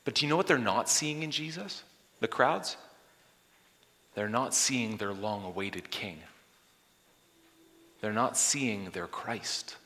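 A man preaching a sermon, swinging from loud exclamations to hushed whispers. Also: on the low side, slow, pauses often. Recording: long hall reverb.

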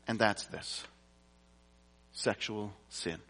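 In a big hall with long reverb, a man with a gravelly, lowish, fairly bright voice draws out his words as he preaches. He reads passages of scripture and unpacks them in a conversational manner, with offhand remarks along the way.

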